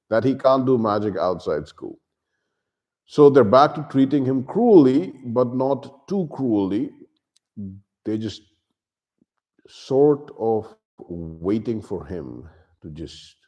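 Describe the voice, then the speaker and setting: Male book reviewer, deep mellow voice, casual and animated, acts out character lines. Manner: loose, with fillers and asides.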